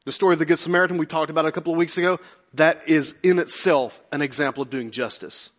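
A man's voice: on the high side, fast talker, fairly bright tone. A male pastor delivering a conversational, emphatic sermon with humor and rhetorical questions.

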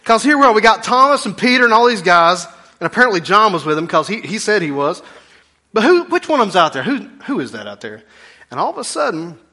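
A pastor delivers a folksy, humorous sermon, swinging between loud bursts and hushed asides. His male voice sits high and sing-song, and he speaks fairly quickly.

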